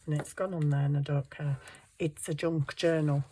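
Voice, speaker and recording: Low-voiced woman, chatty crafter. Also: fairly even intonation, normal speed, warm tone, a little hiss or hum, low-quality recording. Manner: chatty, self-deprecating, talking to herself while working. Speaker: junk journal crafter. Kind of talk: casual craft tutorial chat.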